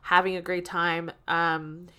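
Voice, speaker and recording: A woman's voice: fairly low pitch, takes it slowly, clear, resonant tone. A woman co-hosting a podcast, casually recapping a film scene by scene and acting out the characters' lines in mock voices. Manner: animated retelling, acts out lines in mock voices. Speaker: podcast co-host.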